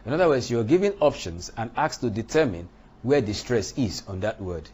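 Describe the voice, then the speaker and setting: A man teaching a lesson on English word stress, speaking deliberately and punching out example words. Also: medium pitch, animated, a little mellow, slightly rough. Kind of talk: lecture on English pronunciation.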